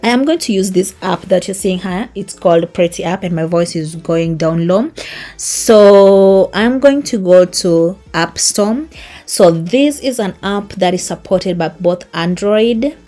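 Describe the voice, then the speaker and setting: A woman's voice: mid-range voice, animated, unhurried, warm tone. Chatty young woman vlogger from Kenya. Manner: chatty, rambling, self-mocking with small laughs. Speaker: YouTube vlogger. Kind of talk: casual screen-recorded tutorial.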